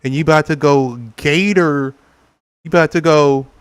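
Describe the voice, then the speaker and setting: A young adult Californian man streams a game and talks casually with his viewers, laughing and joking frequently and acting out silly quotes. His fairly high-pitched voice is clear and resonant with a steady tone, delivered at a moderate pace.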